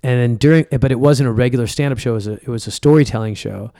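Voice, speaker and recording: Mellow-voiced male comedian telling stories. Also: medium pitch, racing, gravelly, no room sound, clean studio sound. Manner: storytelling, acts out quoted dialogue. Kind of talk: casual podcast chat.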